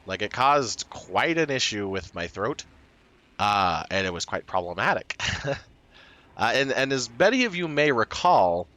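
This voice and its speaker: A man's voice: on the low side, big pitch swings, measured pace, pushed and bright. A man chatting casually to his stream viewers, rambling and self-deprecating, with plenty of fillers, restarts and short laughs.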